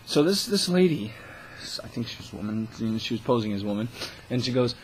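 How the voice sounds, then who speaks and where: A man's voice: mid-range voice, animated, fast, a little hiss or hum, poor audio. A young man talking into the camera in a casual vlog, ranting with scorn and constant swearing. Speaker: vlogger.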